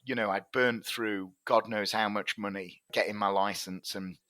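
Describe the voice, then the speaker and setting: Man, business guest, casual storytelling, bright forceful tone, lowish voice. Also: fairly even intonation, moderate pace, dry recording. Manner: chatty, rambling anecdotes with many fillers. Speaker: tech CEO guest.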